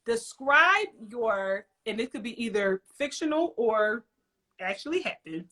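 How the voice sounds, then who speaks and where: A woman podcast host in a casual chat, telling stories in an animated way and acting out quoted voices. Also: on the high side, measured pace.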